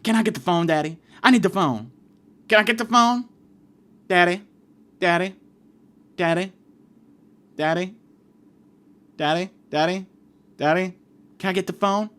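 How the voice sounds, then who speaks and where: A man's voice: high voice, unhurried, pauses often, fairly bright tone, smooth. Whiny little girl begging, as a man imitates her. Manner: repetitive pleading.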